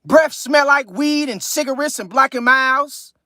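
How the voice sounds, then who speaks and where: A man with a California accent hosting a casual live stream, reading chat aloud and telling loose, profane, animated stories. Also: very high-pitched, measured pace, no echo, studio quality. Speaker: livestream host reading chat.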